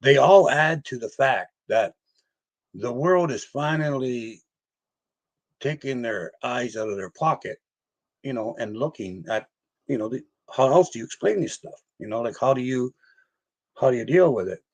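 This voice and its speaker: A man's voice: medium pitch, expressive, normal speed. An older man, a paranormal investigator, telling personal stories in a rambling, casual way and acting out other people's voices. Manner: rambling, laughs often, acts out voices in his story. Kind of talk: casual storytelling interview.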